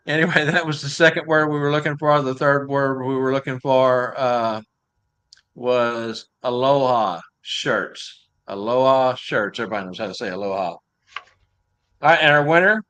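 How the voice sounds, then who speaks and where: A man's voice: mid-range voice, moderate pace, a bit bright, smooth. A man with a Texas drawl hosting a live stream in a good-humored way, laughing at his own mistakes. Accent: Texan. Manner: good-humored, chuckling at himself. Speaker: host. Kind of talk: casual live-stream talk.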